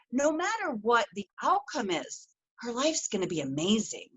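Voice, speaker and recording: Woman, middle-aged, podcast guest, earnest, animated, quotes people in her story. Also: fairly high pitch, moderate pace. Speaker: podcast guest, empowerment coach. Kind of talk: casual interview chat.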